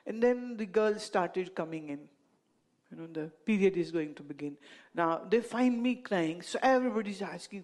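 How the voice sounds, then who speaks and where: A woman's voice: lowish voice, animated, normal speed, a little mellow. A woman with an Indian accent telling amused anecdotes to an audience, laughing at her own stories. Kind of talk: anecdotal storytelling talk.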